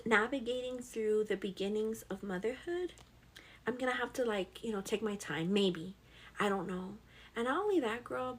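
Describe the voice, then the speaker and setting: A woman's voice: mid-range voice, slight background noise. A young pregnant woman hosting a casual live stream, reading viewer comments in a chatty, affectionate way and calling everyone "girl". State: pregnant with twins.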